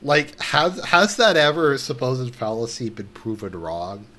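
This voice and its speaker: A young man giving casual commentary while reading a news article aloud, indignant and sarcastic, swearing, halting and restarting often. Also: medium pitch, sing-song, sharp tone. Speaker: online commentator.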